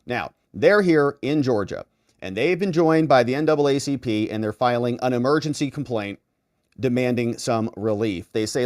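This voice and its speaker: A man's voice: mid-range voice, normal speed, a little mellow, no echo, studio quality. A man giving casual legal commentary as he reads through documents, with sarcastic, conversational asides. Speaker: lawyer commentator.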